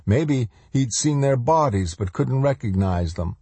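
A man narrating an audiobook in a measured, dramatic storytelling manner. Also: mid-range voice, expressive, dark tone, slightly rough, no room sound. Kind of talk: scripted narration.

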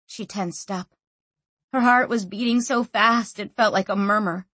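A woman narrating a novel as an audiobook, expressive and acting out every figure. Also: medium pitch, unhurried, no room sound. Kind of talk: scripted narration.

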